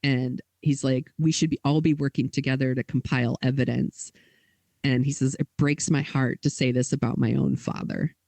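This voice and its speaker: A woman's voice: extremely low pitch, fairly even intonation, normal speed, gravelly, dark tone, no room sound. A woman co-hosting a podcast, telling a story in casual chat with lots of "like" and quoted dialogue. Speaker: podcast co-host.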